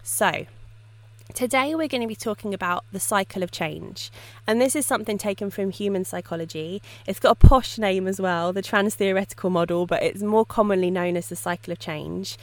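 A woman's voice: medium pitch, fairly quick. Chatty woman podcaster. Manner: lively storytelling with frequent laughs. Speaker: dog trainer and podcast host. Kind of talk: casual solo podcast teaching.

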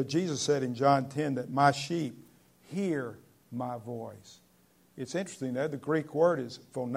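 A man preaches a sermon in a conversational, earnest manner. His voice is mid-pitched with a gravelly edge. Now and then he hits a key word with sudden loud emphasis. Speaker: pastor.

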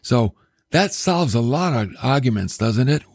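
Animated husky-voiced male preacher. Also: medium pitch, measured pace, no room sound. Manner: animated, acts out quoted voices, asks the listener questions. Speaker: podcast preacher. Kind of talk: sermon-style Bible teaching.

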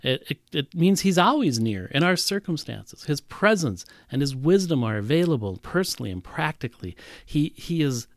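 Animated male preacher, close dry mic. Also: mid-range voice, no room sound. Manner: animated Bible teaching with emphatic repetition. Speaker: pastor. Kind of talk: sermon.

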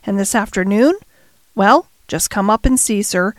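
A woman's voice: mid-range voice, normal speed, dry recording, natural voice. A woman voicing a blunt, gossipy older housekeeper in an audiobook reading. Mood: astonished gossip. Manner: gossipy, emphatic.

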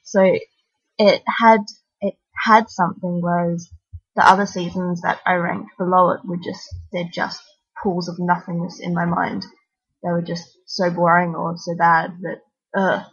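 A woman co-hosting a podcast, giving blunt, opinionated takes in a halting, casual way. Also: lowish voice, flat delivery, slightly rough. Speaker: podcast co-host. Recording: dull lo-fi mic.

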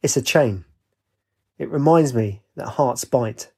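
A man's voice: takes it slowly, a little mellow, breathy edge. A man voicing Katie, a feisty, wild young woman, in a storybook reading. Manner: raised pitch, feisty.

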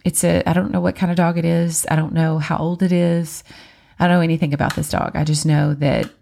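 A woman in her thirties with a low voice tells a story from her own family life. Her tone has a gravelly fry running through it, and she talks in a chatty, animated way, acting out the lines of the people she quotes. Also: brisk, a little hiss or hum. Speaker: mother of four. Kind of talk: casual personal storytelling.

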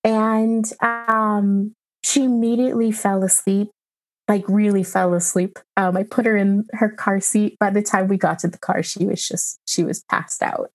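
A woman in her thirties, a mother recounting a hard experience in an interview, emotional and halting with many pauses and fillers. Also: medium pitch, level tone. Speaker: mother telling her story. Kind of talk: personal account in an interview.

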